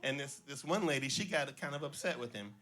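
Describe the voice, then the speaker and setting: Bright-voiced man telling stage jokes. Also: medium pitch, brisk. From Cincinnati area, Ohio. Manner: relaxed storytelling, slips and restarts, voices jokes' characters lightly. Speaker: stand-up comedian, schoolteacher. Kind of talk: first-time stand-up set of joke stories. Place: small club stage before a live audience.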